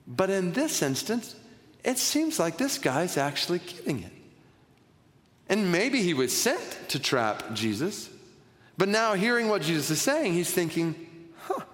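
Man preaching in a reverberant hall. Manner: earnest preaching, rising in pitch and energy when stressing points. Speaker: pastor. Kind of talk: sermon.

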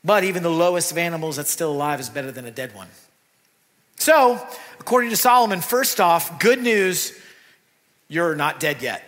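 A man preaching a sermon in a church, talking in a lively, conversational way with asides to the congregation. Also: on the high side, moderate pace. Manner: animated, conversational preaching with asides and acted quotes. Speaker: pastor. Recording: long reverb of a church hall.

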